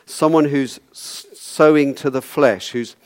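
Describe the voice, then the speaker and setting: A man's voice: medium pitch, unhurried. A man preaching a sermon in a conversational, wry way, often repeating words as he goes.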